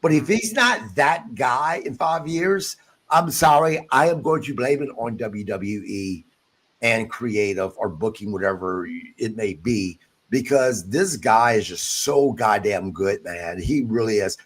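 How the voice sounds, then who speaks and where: A man hosting a wrestling podcast, talking in a blunt, animated way and swearing freely in casual chat. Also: on the low side, measured pace. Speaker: podcast host.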